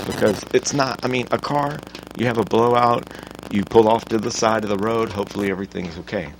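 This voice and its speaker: A man hosting his own podcast, talking in an animated, profane solo rant that swings from mutters to loud outbursts. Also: fairly low pitch, brisk, slight background noise. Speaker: podcast host.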